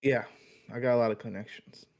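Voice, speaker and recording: A man playing a cocky young mob guy, put-on New York Italian accent, dark mellow voice, sweet-talking. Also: medium pitch, fairly even intonation, brisk, lightly acted. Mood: persistent. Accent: New York Italian-American, put on. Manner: smooth, cocky sweet-talk.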